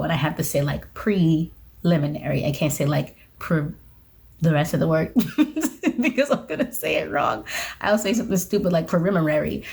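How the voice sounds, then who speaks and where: A woman's voice: on the low side, mellow. A young woman talking casually on her vlog, chatty and self-deprecating, laughing at her own slips. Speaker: witchcraft vlogger.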